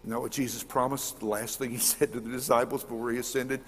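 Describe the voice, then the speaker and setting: A middle-aged man preaching a sermon, telling stories and repeating key words, swinging between emphatic high points and quiet low passages. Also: level tone, quick pace, hardly any pauses, a little hiss or hum. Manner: rises to emphatic peaks, then drops low. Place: church sanctuary. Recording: long church reverb.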